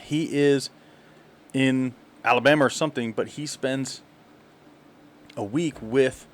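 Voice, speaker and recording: A man's voice: mid-range voice, fairly even intonation, takes it slowly. A man co-hosting a podcast, telling a long story in casual chat and laughing often. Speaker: podcast co-host.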